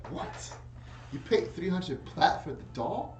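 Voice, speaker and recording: A man's voice: high-pitched, wildly swooping pitch, slow, roomy sound, recorded from a distance, background noise. A man playing a tabletop game, talking in nervous, pleading asides. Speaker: player. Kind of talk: casual tabletop game play.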